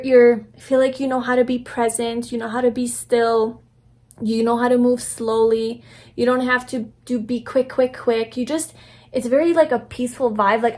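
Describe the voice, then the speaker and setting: Gentle young woman reading tarot cards. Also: fairly high pitch. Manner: casual, rambling, many fillers and restarts; soft, affirming, gentle delivery. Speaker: tarot reader. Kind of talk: pick-a-card tarot reading.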